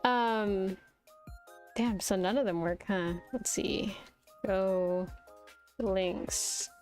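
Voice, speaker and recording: A woman's voice: mid-range voice, steady tone, drawn-out words, a little mellow, faint music behind. A young woman streaming, chatting casually and giggling often as she rambles with self-deprecating restarts. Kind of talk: casual live-stream chat while drawing.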